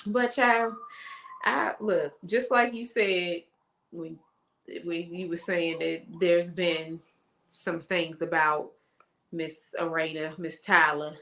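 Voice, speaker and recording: A woman co-host in casual chat, telling a story with lively quoted voices. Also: on the low side, slow.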